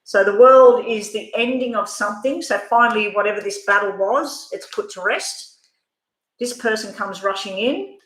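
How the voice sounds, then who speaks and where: A woman's voice: medium pitch, moderate pace, fairly bright tone, echoey room, low-quality recording. A middle-aged Australian woman giving a rambling, frank tarot reading on a live stream. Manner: chatty, rambling, frank with mild swearing. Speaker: tarot reader.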